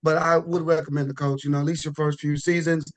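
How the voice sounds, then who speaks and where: A man talking as a podcast guest in a relaxed, rambling way, often restarting his sentences. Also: fairly high pitch, fast. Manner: relaxed, rambling with frequent restarts and "you know". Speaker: podcast guest, pro bodybuilder. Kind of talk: casual podcast chat.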